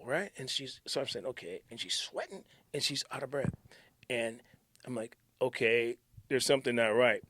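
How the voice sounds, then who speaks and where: A middle-aged radio man spins an anecdote in a lively, conversational way. He plays out what people said and lets his voice fall to a hush for effect. The sound is close and dry, with a medium-pitched voice. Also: normal speed, no echo. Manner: animated storyteller, acts out quotes, drops to near-whisper. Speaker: radio DJ recalling station stories. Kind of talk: casual storytelling chat.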